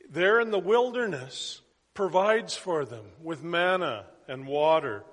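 A man with a fairly high voice preaching a sermon to his congregation. He talks in a conversational way and puts questions to the room. His voice rings out with the long reverb of a church hall. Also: fairly bright tone. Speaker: pastor.

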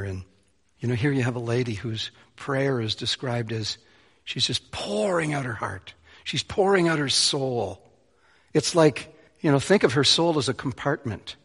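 A male pastor preaching a sermon in a conversational way, rising to emphatic peaks. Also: fairly high pitch. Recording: long reverb of a large hall.

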